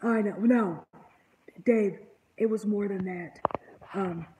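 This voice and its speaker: A woman's voice: medium pitch, slow pace, background noise. A woman hosting an online channel, rambling in casual panel chat with an exasperated, indignant tone.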